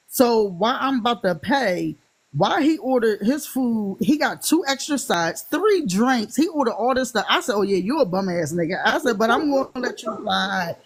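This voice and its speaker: Philly woman, raised voice, lively raconteur who acts out every quote. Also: a little high. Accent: Philadelphia. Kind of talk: casual storytelling chat.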